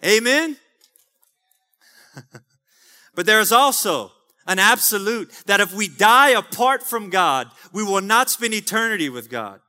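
A man preaches a fervent sermon from the pulpit. His voice sits high and rings out bright and forceful, and it carries a long church reverb behind it. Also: big pitch swings, measured pace, long pauses. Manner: fervent preaching with calls of amen. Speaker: pastor. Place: church sanctuary.

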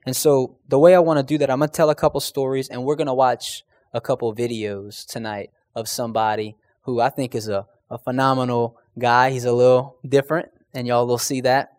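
A man delivers an earnest yet casual conversational sermon, telling stories and posing questions to the room, often pausing on "um" and restarting sentences. His medium-pitched voice is flat in delivery and darkish in tone, on a dry recording.

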